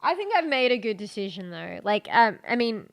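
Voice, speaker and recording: A woman's voice: medium pitch, big pitch swings, normal speed, gravelly, fairly bright tone, no echo. Rambling woman streamer with a sore throat. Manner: rambling, many fillers and restarts. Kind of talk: casual stream chat.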